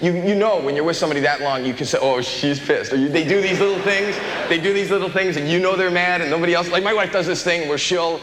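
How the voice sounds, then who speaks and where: A man, a comedian guest on a talk show, telling stories in an animated, rambling way full of restarts and jokes. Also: sits high, fast talker, hardly any pauses, a crowd in the background. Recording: noisy TV broadcast recording.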